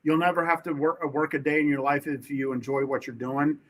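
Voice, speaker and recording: A man's voice: a little high, level tone, brisk. A man who is a guest on a podcast, talking eagerly with a lot of stumbling restarts and acting out phone calls with clients. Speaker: podcast guest, sales rep. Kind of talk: casual chat.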